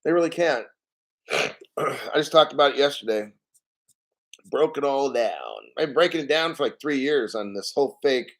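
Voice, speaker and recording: A man's voice: mid-range voice, moderate pace, long pauses. A man hosting a crypto livestream, reading viewer comments and rambling in a conspiratorial, casual way. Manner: rambling, conspiratorial, reads chat comments aloud. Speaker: crypto channel host.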